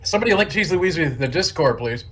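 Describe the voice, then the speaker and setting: A man's voice: fairly high pitch, expressive, racing, a bit bright, a little hiss or hum, rough recording. A man co-hosting a gaming stream, chatting casually and mock-dramatically while eating hot wings. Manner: playful, mock-dramatic, stammers on restarts.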